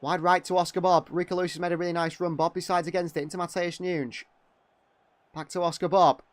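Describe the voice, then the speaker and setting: Excitable high-voiced fan commentator man. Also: fast talker, no room sound. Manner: excitable, exclaiming at big moments, critical of players. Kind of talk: partisan live fan commentary.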